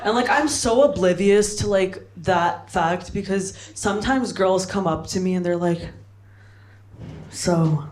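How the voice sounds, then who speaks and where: A woman's voice: medium pitch, normal speed, hardly any pauses, background noise. A young American woman doing stand-up at an open mic, rambling and self-mocking with lots of "like" and "bro". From United States. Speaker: stand-up comedian. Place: comedy club stage, London. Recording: live club audience audible. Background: audience laughing.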